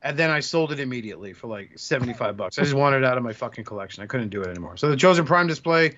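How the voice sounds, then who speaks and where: A man's voice: medium pitch, animated, very fast, fairly bright tone. Blunt, sweary man with slightly dull audio. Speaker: podcast co-host. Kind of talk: casual profane chat about toys.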